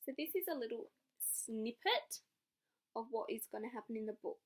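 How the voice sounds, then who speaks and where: A young woman teacher giving a read-aloud lesson, her voice high and full of lively rises and falls. She questions the children and praises their answers. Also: normal speed. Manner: questioning, encouraging classroom talk.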